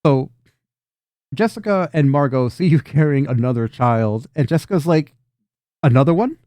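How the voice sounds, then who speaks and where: A man narrating a tabletop game as game master, in a relaxed, descriptive way. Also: medium pitch, normal speed, no echo.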